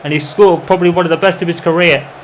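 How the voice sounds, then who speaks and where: A man commentating over his own football video game in the style of a match broadcaster, calm between plays and erupting into shouts when a goal goes in. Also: a little high, quick pace, a little hiss or hum. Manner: excitable, bursts into shouting on goals. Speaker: gamer doing mock football commentary. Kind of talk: playful imitation of match commentary over gameplay.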